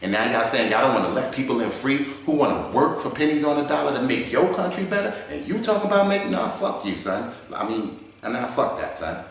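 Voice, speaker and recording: A man's voice: medium pitch, expressive, brisk, vocal fry, hardly any pauses. A man voicing a swaggering, profane male debater who talks in heavy street slang, recorded in a garage. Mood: brash, cocky. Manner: heavy street slang, constant swearing, cocky. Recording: echoey garage.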